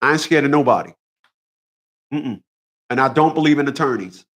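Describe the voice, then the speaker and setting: Speaking at normal speed in a mid-range, somewhat bright voice, a man runs his own channel with an offhand solo rant on boxing. His tone is combative and profane, and he drives points home by saying the same phrases over and over.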